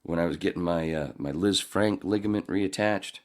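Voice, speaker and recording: A man's voice: low-pitched, normal speed. A man hosting a podcast in casual chat, joking, rambling and swearing freely. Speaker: podcast host.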